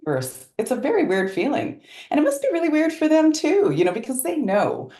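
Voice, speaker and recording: A woman guest telling stories in a casual interview, animated, with many restarts. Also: high voice, brisk, roomy sound. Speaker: guest actor.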